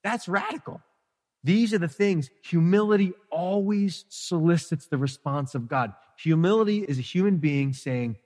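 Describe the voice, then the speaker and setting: A middle-aged man preaching a conversational, animated sermon, now and then acting out prayers. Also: on the high side, normal speed. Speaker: pastor. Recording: live-streamed hall with long reverb.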